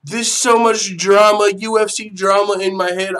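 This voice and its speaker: A man hosting an MMA live-stream chat, talking casually and profanely, swinging from low mumbling to loud shouting. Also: fairly even intonation, moderate pace, few pauses.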